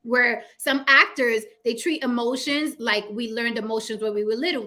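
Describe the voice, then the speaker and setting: A woman hosting a casual chat, talking animatedly and mimicking fake crying with high squeals. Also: fairly even intonation, moderate pace, few pauses, bright, forceful tone. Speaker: podcast host.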